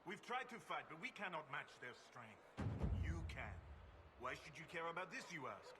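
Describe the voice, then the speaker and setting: An actor playing an earnest male leader of forest refugees in a video game, speaking in a measured, formal, persuasive way. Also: fairly high pitch, sing-song, very noisy. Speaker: game character. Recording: game audio under forest ambience.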